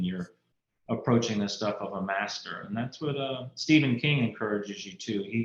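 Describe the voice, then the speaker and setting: A man, an author telling stories from his life in a relaxed interview. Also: low voice. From Louisiana. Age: 50s. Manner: folksy, anecdotal, quotes mentors. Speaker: author guest. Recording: roomy, muffled lo-fi sound.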